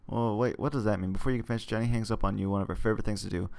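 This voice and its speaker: Gravelly man reading a game aloud. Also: on the low side, fairly even intonation, very fast, few pauses, a little mellow. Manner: casual, self-correcting, joking asides.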